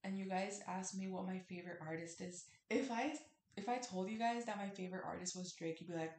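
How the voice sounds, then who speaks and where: Young woman podcaster rambling, lots of like and cussing, lowish voice, echoey room. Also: fairly even intonation, fast talker, a little mellow, a little hiss or hum. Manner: rambling, filler-heavy, swears freely. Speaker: podcast host. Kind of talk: casual solo podcast chat.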